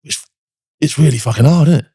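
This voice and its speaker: A man's voice: a little high, quick pace, dark tone, breathy edge, no room sound, clean studio sound. A man over forty, a military veteran giving a candid interview, blunt and full of swearing, tagging his points with "do you know what I mean". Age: 40s or older.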